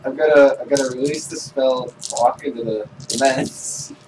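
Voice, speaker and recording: A man playing a tabletop game, chatting casually with frequent laughs and halting restarts, recorded from a distance in a noisy room. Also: medium pitch, fairly even intonation. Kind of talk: casual tabletop role-play chat.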